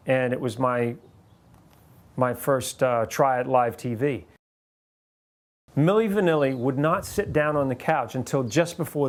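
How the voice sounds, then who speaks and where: New Zealand man telling career stories. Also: mid-range voice. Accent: New Zealand, partly Americanized. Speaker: TV host interviewed about his career. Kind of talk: reflective interview storytelling.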